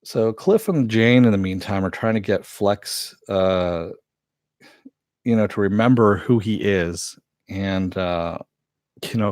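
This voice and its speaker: Low-voiced man casually recapping a show. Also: darkish tone, dry recording, studio quality. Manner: rambling with many fillers and quoted lines. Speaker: TV episode reviewer.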